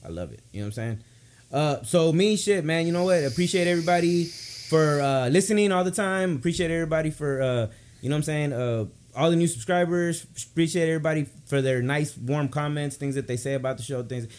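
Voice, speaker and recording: A man's voice: a little high, brisk, a little mellow, a little hiss or hum. A man hosting a casual podcast, laid-back and swearing freely, repeating "you know what I'm saying". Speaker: podcast host.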